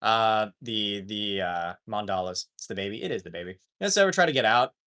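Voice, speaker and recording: A man's voice: lowish voice, expressive, a little fast, bright, forceful tone, clear, resonant tone. A man live-streaming and chatting casually with his viewers. He reads their comments aloud, rambles, trails off mid-sentence and swears offhandedly.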